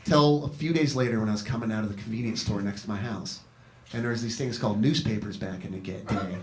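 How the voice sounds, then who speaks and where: At a comedy venue, a man with a mid-range voice tells comedic stories on a live advice panel, rambling and profane, his pitch swinging up and down as he keeps turning to address the asker. The live recording carries audience laughter throughout.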